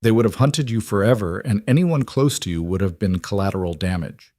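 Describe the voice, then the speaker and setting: A man's voice: lowish voice, lively intonation, a little fast, warm tone, dry recording, clean studio sound, natural voice. A man reading a cold, calculating uncle. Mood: insistent. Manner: cool, matter-of-fact.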